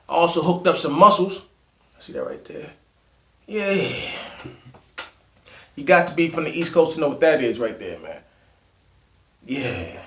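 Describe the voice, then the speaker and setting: A man's voice: medium pitch, roomy sound, a little hiss or hum. A young man from Maryland with a Maryland accent, chatting casually and using slang as he eats on his vlog. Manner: laid-back slangy, calls viewers family. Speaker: mukbang vlogger.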